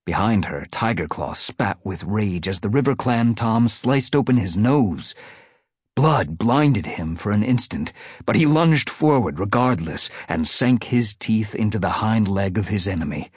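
A man narrating an audiobook, dramatic and hushed in the quiet passages, recorded close on a studio mic. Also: on the low side, lively intonation, unhurried, husky, no echo. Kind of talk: scripted narration.

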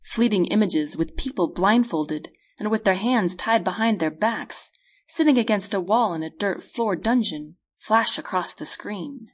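Woman author reading her novel, husky, medium pitch, measured first-person audiobook read.

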